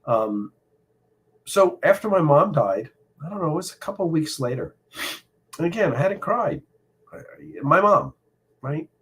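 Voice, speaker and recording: A middle-aged man hosting a casual live stream from home, speaking personally and reflectively, halting often with fillers. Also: on the high side, animated, fairly bright tone, husky. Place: home room.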